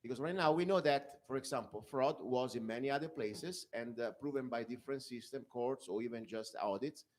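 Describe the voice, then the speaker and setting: A man's voice: mid-range voice, brisk, few pauses, darkish tone. A man with an Italian accent hosting a political interview, chatty and full of short affirmations. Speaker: host.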